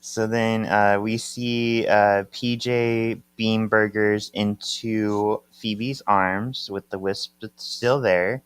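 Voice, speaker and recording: A man co-hosting a podcast in relaxed, thoughtful casual chat. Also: on the low side, slow, few pauses, clear, resonant tone, dry recording. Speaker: podcast co-host. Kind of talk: casual chat, retelling a comic.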